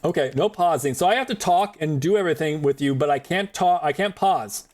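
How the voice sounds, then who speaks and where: A man's voice: fairly high pitch, a little fast, darkish tone. A man streaming a video game, talking in casual commentary; he jokes, swears and rambles, laughing often. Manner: joking, profane, rambling with frequent laughs.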